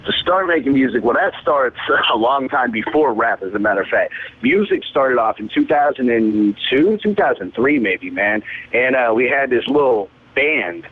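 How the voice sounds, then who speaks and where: A man's voice: mid-range voice, expressive, normal speed, husky. Laid-back young man on a tinny line. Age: 20s. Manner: laid-back, profane street slang, says "man" constantly. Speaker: rapper, interview guest. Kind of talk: casual storytelling.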